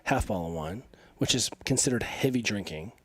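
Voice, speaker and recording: A man in his forties, stuffy from allergies, talking in an energetic, emphatic and rambling way as a podcast guest. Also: lowish voice, fairly quick, slightly rough. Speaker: podcast guest, coach and physical therapist. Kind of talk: casual interview talk.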